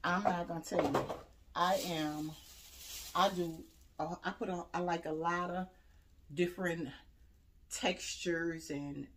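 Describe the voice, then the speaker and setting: Slow-talking, excitable woman decor vlogger. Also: on the low side, a little hiss or hum, poor audio. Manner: enthusiastic, addresses viewers directly, exclaims over items. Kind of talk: casual haul show-and-tell.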